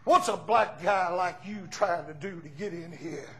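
A man's voice: sits high, a little slow, voice pushed down. A man voicing a humble older sawmill worker giving an earnest, joyful testimony in a sermon story. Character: humble old male sawmill worker, newly saved.

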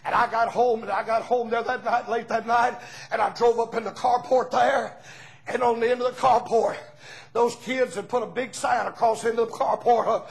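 An older man with a Southern US accent preaching a fiery revival sermon in a church, rising into shouted peaks and asking the congregation to answer back. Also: very high-pitched, gravelly. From Southern United States.

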